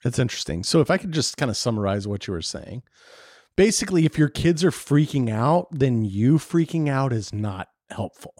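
A podcast host conducts a conversational interview in a medium-pitched, darkish, sing-song voice at a moderate pace, casually summing up points and asking questions with lots of fillers. The recording is dry and studio quality.

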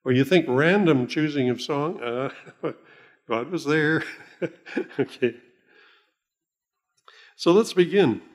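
A man giving an informal Bible talk in a folksy, chuckling way, slowing down when he reads scripture aloud. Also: on the high side, lively intonation. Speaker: lay preacher.

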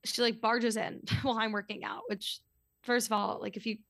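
Young woman, podcast guest, casual storytelling, higher voice, dry close sound. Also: normal speed, creaky, dry recording. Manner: chatty, lots of "like", animated retelling.

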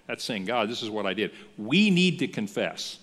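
A man preaching a sermon as a pastor, in a conversational, lively style that acts out the voices he quotes. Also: on the low side, moderate pace, long reverb tail. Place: church.

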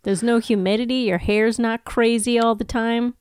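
A woman's voice: a little high, steady tone, normal speed, darkish tone, clear, resonant tone, dry recording, studio quality. A woman co-hosting a podcast, chatting casually about a TV show, joking and laughing easily. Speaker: podcast co-host. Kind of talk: casual TV recap chat.

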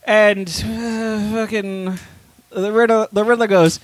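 A podcast co-host spins an absurd, made-up story packed with swearing and filler words in a casual chat. His voice is high and a bit bright, moving at normal speed with no room sound.

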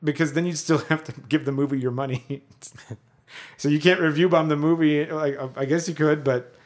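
A man co-hosting a podcast in casual chat, chatty and quick to laugh, with plenty of ums. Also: fairly high pitch, steady tone. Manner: chatty, laughs often, frequent fillers. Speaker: podcast co-host.

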